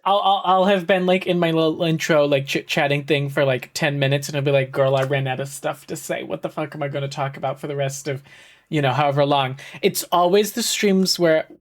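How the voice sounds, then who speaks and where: A woman's voice: low voice, brisk. A woman streaming a game, chatting in a rambling, giggly way full of fillers and exclaiming at the screen. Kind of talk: casual live-stream chat while playing a game. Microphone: headset. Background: faint game music.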